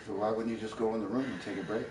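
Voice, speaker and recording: A man live streams from home, delivering a long, confrontational, profane lecture in a heated domestic argument. His voice is fairly low, darkish, and fairly even in intonation, and he talks rapid-fire. He's far from the mic in an echoey indoor room with faint noise.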